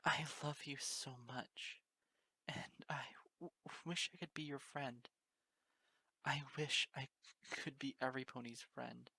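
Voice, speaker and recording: A man's voice: mid-range voice, fairly even intonation, slow, pushed and bright, husky, dry recording, pitched above the performer's own voice, full character voice. A man voicing a grieving young female unicorn pony who whimpers and stammers through tears. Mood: sobbing.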